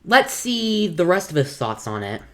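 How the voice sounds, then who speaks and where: A woman reacting to a gameplay video with relaxed, amused comments. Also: lowish voice, a little slow.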